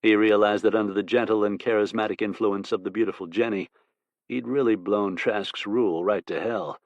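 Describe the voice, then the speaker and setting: Guy narrating a western audiobook, steady and even, deep-ish voice. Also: brisk, no echo, lo-fi sound.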